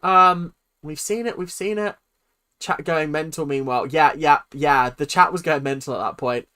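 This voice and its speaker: A woman's voice: deep voice, normal speed, a bit bright. A woman hosting a livestream, chatting casually and bluntly, swearing freely. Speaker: livestream host. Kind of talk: casual live commentary.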